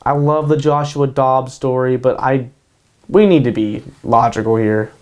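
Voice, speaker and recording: Speaking in an unhurried mid-range voice that's a little mellow, a man runs his own show from his Kansas home. He hypes up casual sports picks, saying them over and over and tagging each with "baby."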